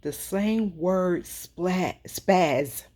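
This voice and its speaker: A woman's voice: fairly low pitch, expressive, unhurried, darkish tone. A woman speaking, giving a heated, worked-up commentary monologue to her followers, repeating points for emphasis. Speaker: social media commentator.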